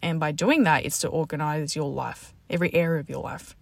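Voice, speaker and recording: A woman's voice: low voice, fairly even intonation, brisk, vocal fry, dry recording. A woman hosting a podcast, chatty, upbeat and candid in a casual motivational talk, recorded in a parked car. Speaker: podcast host. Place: parked car after the gym.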